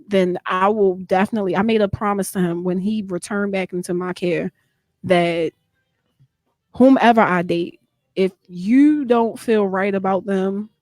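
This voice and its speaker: A woman in her thirties, a guest author sharing her personal story in a radio interview, candid and animated. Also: mid-range voice, no room sound, studio quality.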